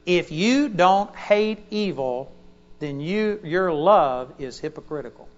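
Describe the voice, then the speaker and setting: A man preaches in an auditorium, his voice sitting somewhat high. He swings between loud, emphatic bursts and soft, confiding asides. The sound is muffled and lo-fi, with a dull top end. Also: normal speed, big-room sound. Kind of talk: sermon to a live congregation.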